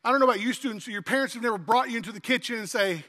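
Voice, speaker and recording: A man's voice: extremely high pitch, rapid-fire, sharp tone. A man preaching a sermon in a church, reading scripture aloud and talking conversationally with the congregation, sometimes acting out voices of pleading kids. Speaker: pastor. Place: church sanctuary. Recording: long hall reverb.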